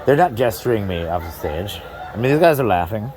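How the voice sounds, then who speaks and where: A man's voice: on the low side, very animated, a little fast, a little mellow, a little hiss or hum, low-quality recording. A man doing a stand-up comedy set in a club, rambling, breaking off mid-sentence and laughing at his own jokes.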